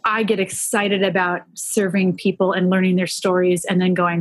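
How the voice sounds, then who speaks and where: A woman guest telling earnest faith stories in a podcast conversation, animated and full of restarts. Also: on the low side, moderate pace, hardly any pauses, no room sound. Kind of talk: faith-based conversational storytelling.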